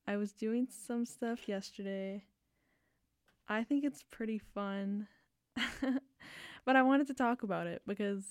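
A woman's voice: medium pitch, a little mellow, no echo. A woman hosting a fill-in radio show, chatting casually in a giggly, rambling, self-conscious way into a fixed studio mic. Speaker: radio host.

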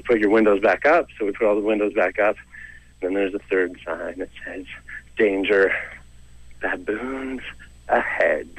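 A man's voice: sits low, dry recording, rough recording. A young Canadian man, a comedian and storyteller, telling a self-deprecating story in a casual, rambling way with lots of "like" and "you know".

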